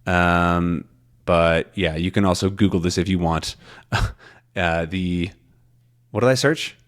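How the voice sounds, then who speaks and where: A man teaching English learners in a relaxed, rambling monologue, thinking aloud with many fillers and restarts. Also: low-pitched, takes it slowly.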